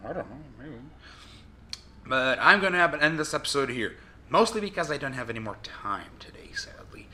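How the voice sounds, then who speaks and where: A man commenting on his own gameplay, shouting and swearing in frustration between joking asides. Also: mid-range voice, animated, brisk. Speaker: gaming video host. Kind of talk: let's play commentary.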